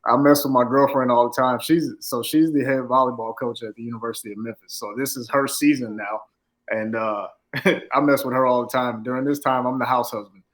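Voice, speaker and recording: Easygoing male coach in his 30s, relaxed guest on a podcast. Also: medium pitch, fairly quick, rough recording. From Los Angeles. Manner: laid-back, easygoing, some stammering restarts. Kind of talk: casual interview chat.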